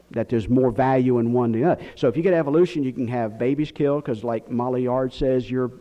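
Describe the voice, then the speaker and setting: A man's voice: medium pitch, mellow. A man teaching a Bible lesson in sermon style, emphatic and full of rhetorical questions. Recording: dull lo-fi recording.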